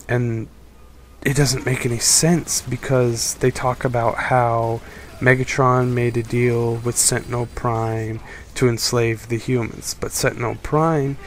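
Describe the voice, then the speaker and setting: A man's voice: medium pitch, a little hiss or hum. Exasperated young man reviewing a film. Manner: critical, exasperated, rambling. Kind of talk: casual opinion monologue.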